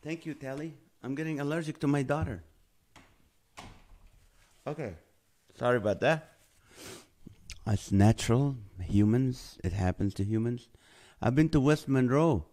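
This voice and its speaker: This livestream host speaks in a medium-pitched, dark voice that's animated yet measured, with long pauses. Broadcasting casually from home in California, he welcomes viewers by name and cracks jokes as he goes through their comments.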